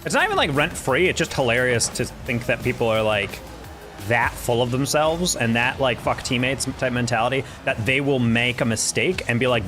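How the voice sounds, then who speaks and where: A man's voice: medium pitch, lively intonation, fairly quick, sharp tone, soft background music. A young man streaming a game, chatting casually with his viewers and ranting about teammates with slang and swearing. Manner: laid-back, ranting with profanity and slang. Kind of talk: casual gameplay commentary to chat.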